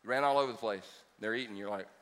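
A man's voice: on the low side, quick pace, a bit bright. A man preaching a sermon, folksy and joking, building to emphatic points. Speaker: pastor. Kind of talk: sermon with storytelling. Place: large church hall. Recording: reverberant church hall.

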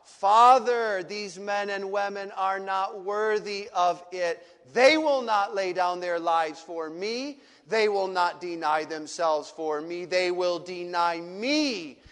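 A man preaching who voices Jesus as a grown man pleading in anguished prayer, emphatic and building louder, in a reverberant hall. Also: sits high, slow pace, hardly any pauses, clear, resonant tone.

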